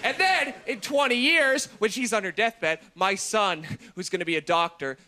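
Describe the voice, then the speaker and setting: High-voiced young male stand-up comic. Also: moderate pace. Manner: deadpan delivery with sudden shouted bursts. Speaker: stand-up comedian. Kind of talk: stand-up routine on TV. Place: TV studio stage before an audience.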